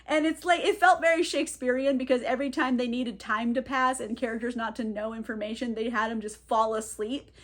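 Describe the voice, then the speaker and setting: A woman's voice: on the high side, fairly even intonation, fairly quick, hardly any pauses, fairly bright tone. A woman recapping a novel in a chatty, irreverent way, full of slang and laughter. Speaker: book reviewer. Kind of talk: casual book recap.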